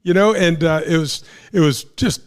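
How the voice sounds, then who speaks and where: A man in his sixties from St. Louis, Missouri, hosting a casual chat and telling animated anecdotes with acted-out quotes and frequent restarts. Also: a little high, moderate pace, clean tone. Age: 60s. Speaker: host, former pro golfer.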